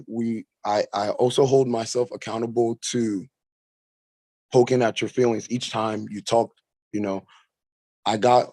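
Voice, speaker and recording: A man's voice: medium pitch, a little mellow, no room sound. Brief: opinionated guy on a podcast, blunt and rambling, dry close sound. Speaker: podcast guest. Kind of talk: casual debate chat.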